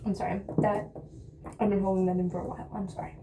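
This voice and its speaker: A woman's voice: medium pitch, flat delivery, fast, noisy background. A young woman telling a dramatic storytime in a chatty, rambling way while doing her makeup. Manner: chatty, dramatic retelling with many asides and fillers. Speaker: beauty vlogger.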